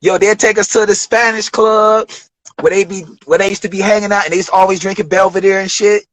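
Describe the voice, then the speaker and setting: A man in his forties from Detroit, a rapper telling studio stories in a loose, profane, animated way during an interview. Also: high voice, fast, no echo, poor audio. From Detroit, USA. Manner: profane, animated storytelling with acted quotes. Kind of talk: casual storytelling interview.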